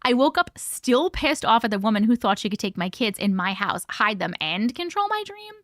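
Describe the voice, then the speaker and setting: A woman's voice: on the high side, very animated, moderate pace, fairly bright tone, dry recording, studio quality. A woman hosting a live stream, reading a listener's story aloud bluntly and expressively, with profanity and reactions. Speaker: host reading listener stories.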